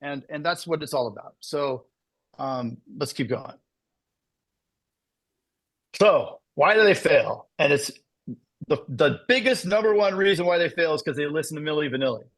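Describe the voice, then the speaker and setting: A middle-aged man giving a casual motivational talk to insurance agents, telling his story with lively asides. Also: a little high, moderate pace, pauses often. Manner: animated storytelling with frequent "right?" asides. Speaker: business speaker presenting to agents.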